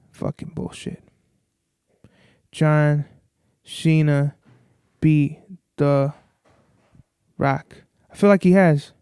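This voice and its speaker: A man's voice: a little high, smooth, no room sound, clean studio sound. A young man hosting a podcast on his own, talking casually in a rambling, profane way. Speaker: podcast host. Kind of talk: casual solo podcast talk.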